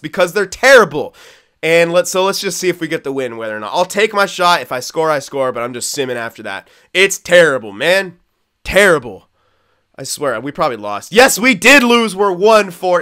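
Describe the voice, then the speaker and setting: Excitable young man commentating his hockey game. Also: on the high side, clean tone. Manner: excitable, swearing, frustrated outbursts and laughs. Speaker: gaming video host. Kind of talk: live gameplay commentary.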